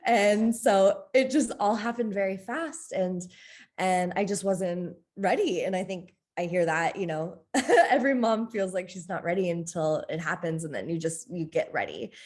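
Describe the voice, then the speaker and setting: A woman speaking as a podcast guest in a candid interview, open and expressive, often breaking into laughter. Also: on the low side, normal speed.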